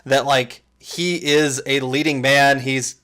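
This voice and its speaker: A man's voice: medium pitch, flat delivery, slow, sharp tone. Rambling male podcast co-host. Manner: rambling, lots of fillers and restarts. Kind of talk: casual chat.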